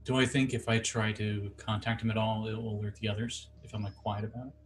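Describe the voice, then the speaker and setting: A man's voice: lowish voice, little pitch movement, quick pace, soft background music. A man playing a tabletop game, asking questions in a casual, wry, slightly unsure way. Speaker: player.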